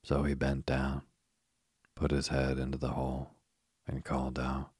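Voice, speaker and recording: A man softly reading a children's storybook aloud as a soothing, unhurried sleep story on a close mic. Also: very deep voice, monotone, breathy edge, dry recording. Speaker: bedtime story reader. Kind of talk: slow sleep story narration.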